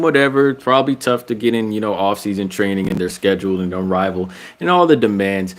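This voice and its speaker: A man's voice: fairly low pitch, fairly quick, hardly any pauses. A man giving his casual opinions on basketball in a vlog, slangy and full of restarts, his voice climbing when he gets worked up. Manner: slangy, frequent restarts, rising when excited. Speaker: basketball commentator vlogger.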